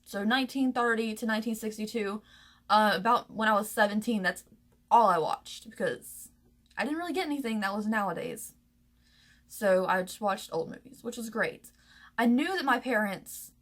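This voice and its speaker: A young woman from the American South telling a personal story to camera, emotional and halting, close to tears, with many fillers and restarts. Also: a little high. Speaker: vlogger.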